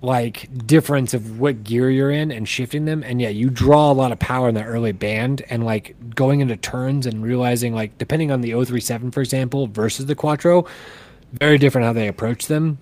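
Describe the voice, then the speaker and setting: A man's voice: medium pitch, a little fast, a little mellow. A man on a casual podcast speaks in an everyday mid-range voice. He chats loosely, jokes around and restarts his sentences as he goes. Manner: chatty, jokey, loose restarts. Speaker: podcast co-host and sim racer.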